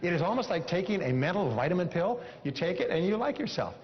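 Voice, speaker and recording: A man's voice: high voice, big pitch swings, fast. A man giving a motivational seminar talk, emphatic, repeating key phrases and coaching his audience. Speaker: seminar speaker. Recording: dull lo-fi sound with long hall reverb.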